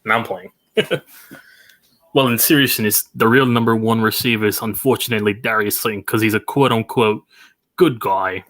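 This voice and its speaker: Guy chatting about a ballgame as he watches, excitable, echoey room. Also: lowish voice, moderate pace. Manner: excitable play-by-play reactions. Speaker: co-host watching baseball. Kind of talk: casual live-watch chat.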